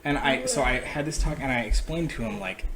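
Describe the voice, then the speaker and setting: A young man, a father, telling a lively anecdote in a casual chat and acting out his small son's questions. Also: mid-range voice, fairly quick. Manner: animated anecdote-telling, acts out a child's questions. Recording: roomy sound with crowd chatter.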